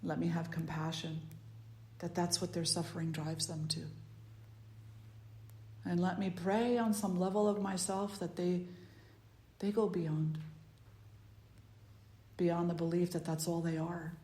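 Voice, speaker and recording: Slow, meditative woman spiritual teacher. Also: on the low side, flat delivery, dark tone, roomy sound. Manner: slow, meditative, repeating phrases for emphasis. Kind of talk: spiritual talk.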